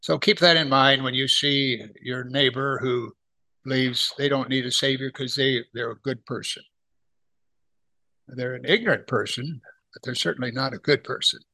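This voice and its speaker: A middle-aged man with a medium-pitched, pushed and bright voice and fairly even intonation preaches a verse-by-verse Bible lesson. It's conversational and full of rhetorical questions, and his pace slows right down whenever he reads scripture aloud.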